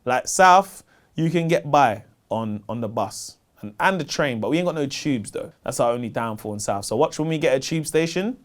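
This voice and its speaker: Lively South London comedian. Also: male voice, moderate pace. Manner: animated, slangy storytelling, gets loud and high when excited. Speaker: stand-up comedian. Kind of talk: casual interview answers.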